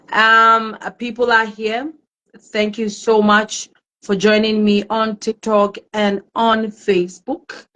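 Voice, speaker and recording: Woman, live-stream host, unhurried speech, casual chat, greets viewers by name. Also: medium pitch, rough recording. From Ghana. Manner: slow, warm greetings to viewers, emotional.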